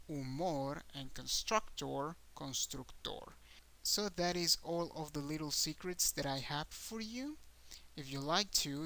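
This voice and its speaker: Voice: mid-range voice, pushed and bright, low-quality recording. A Spanish teacher giving an online lesson, patiently repeating each example word and stressing syllables to show pronunciation.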